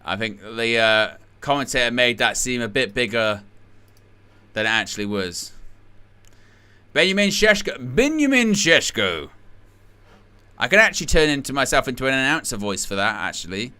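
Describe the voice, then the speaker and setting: A man hosting a live football watch-along, his voice very bright and sharp-edged, with a smooth, crisp clarity. He talks in a sarcastic and exasperated way. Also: mid-range voice, animated, normal speed. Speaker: host.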